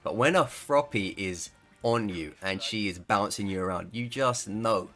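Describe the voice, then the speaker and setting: A man's voice: on the low side, unhurried, a bit bright. A man chats through his gameplay with easy, profane humor. He laughs often and slips into other players' voices for a joke. Faint game music plays underneath. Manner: joking, swearing, laughing, acts out players' lines. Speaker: gaming streamer. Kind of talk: casual gameplay commentary.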